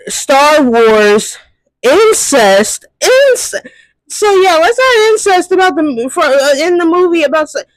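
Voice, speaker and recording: A man's voice: very high-pitched, sing-song, slow pace, dry recording, poor audio. A man ranting in a profane, exasperated movie commentary, firing off rhetorical questions. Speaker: commentary youtuber.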